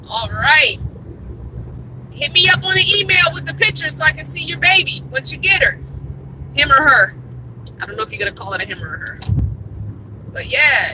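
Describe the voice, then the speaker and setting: Southern woman, high-pitched, chatty live-stream vlogger, road noise in the car. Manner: chatty and animated, talks to live viewers. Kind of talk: live-stream vlog chat while driving. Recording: car recording from a distance, background noise.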